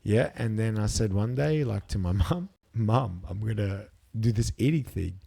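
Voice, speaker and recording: Australian man, thirties, low voice, animated storyteller, swears a lot. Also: normal speed, vocal fry, breathy edge. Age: 30s. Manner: animated, swears freely, acts out quotes. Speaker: guest, competitive eater. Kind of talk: casual storytelling with profanity.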